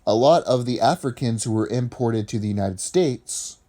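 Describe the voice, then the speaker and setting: A man's voice: mid-range voice, normal speed, mellow. A man from Appalachia, giving argumentative opinion commentary in a lecturing way. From Appalachian region of the US.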